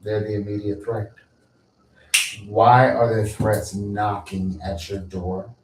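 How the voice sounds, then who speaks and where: Man, rambling scolding monologue, low and slow delivery, far off in an echoey room. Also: flat delivery. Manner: repetitive, scolding, chant-like. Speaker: content creator. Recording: roomy echo, far from mic, faint noise.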